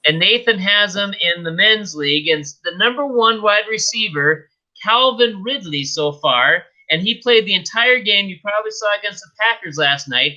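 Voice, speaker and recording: A man's voice: high voice, animated, normal speed, bright, forceful tone. A man co-hosting a casual fantasy sports podcast, playful and self-mocking, laughing often, over a lo-fi internet connection. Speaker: podcast co-host. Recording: dull lo-fi internet audio.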